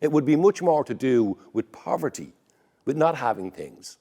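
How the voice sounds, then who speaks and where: A man's voice: medium pitch, lively intonation, normal speed, warm tone. A man with a Dublin accent telling comic stories on stage in a wry, conversational way. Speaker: storyteller. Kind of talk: comic storytelling performance.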